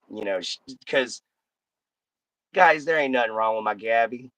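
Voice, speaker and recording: Streamer host, male, blunt and folksy, medium pitch, close dry sound. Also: unhurried, long pauses, fairly bright tone, no room sound. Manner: blunt, folksy, talks straight to chat. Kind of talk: casual live-stream chat.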